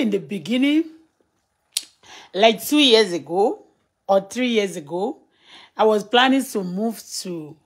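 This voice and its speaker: A woman in her thirties with a Nigerian Yoruba accent, chatting casually on a live stream, laughing often and reading viewer comments aloud. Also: mid-range voice. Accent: Nigerian, Yoruba-speaking.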